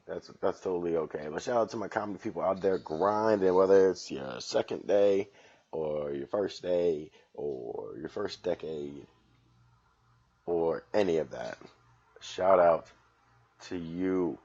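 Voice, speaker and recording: Gravelly low-voiced sarcastic male podcaster. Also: unhurried, dull audio. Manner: profane, sarcastic, drifting between loud bursts and mumbling. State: just woke up, yawning. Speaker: comedy podcast host. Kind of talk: rambling solo comedy podcast. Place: at home.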